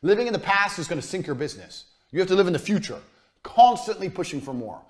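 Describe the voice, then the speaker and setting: A man giving a blunt, profane business lesson as a coach, mocking and forceful in his delivery. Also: high voice, very animated, quick pace.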